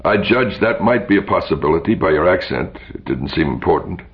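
Man reading a tense young man, curt, deep, gravelly. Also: expressive, fairly quick. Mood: defensive. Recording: dull lo-fi recording.

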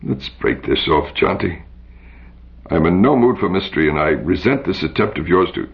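A man's voice: low-pitched, animated, normal speed, creaky. A man reading aloud, voicing a tense, guarded young man who answers curtly. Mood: defensive. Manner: tense, curt. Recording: dull lo-fi recording.

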